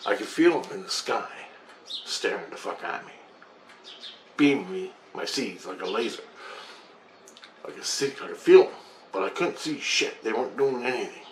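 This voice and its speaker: A middle-aged male vlogger recounts his own experience at length, rambling, intense and profane. His voice sits in the mid-range with big pitch swings, a moderate pace and long pauses. The room is echoey, with faint background noise.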